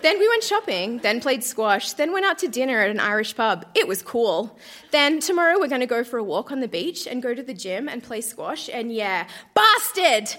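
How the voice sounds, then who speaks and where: A woman's voice: fairly high pitch, sing-song, a little fast, a bit bright. A young woman on a theater stage reading her teenage diary aloud in a melodramatic way, often breaking into laughter. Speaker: reader at a live storytelling show.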